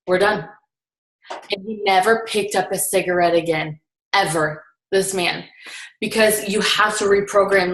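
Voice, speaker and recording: A woman's voice: mid-range voice, a bit bright. Chatty young woman, roomy echo. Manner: chatty, full of "like" fillers. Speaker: guest recapping a seminar. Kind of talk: casual storytelling.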